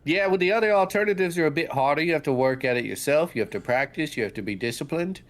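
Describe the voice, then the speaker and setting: A man's voice: a little high, expressive, fast talker. A man playing his character in a tabletop game, earnest and rambling with a preachy streak. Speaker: player. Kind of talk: in-character tabletop role-play.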